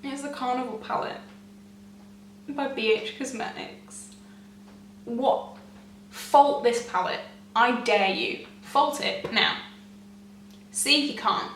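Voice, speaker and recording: A young woman gushing excitedly to camera as a beauty vlogger, chatty and often laughing. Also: fairly high pitch, slow, pauses often, slight background noise. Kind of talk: casual chat to camera. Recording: echoey room, mic at a distance.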